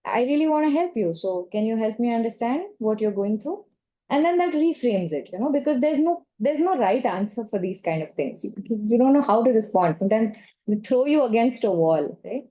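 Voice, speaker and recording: A woman giving a recorded training lecture, her voice mellow and warm in tone. She explains points through examples and acts out short lines. She keeps checking in with her listeners with "okay?" and "right?". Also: on the high side.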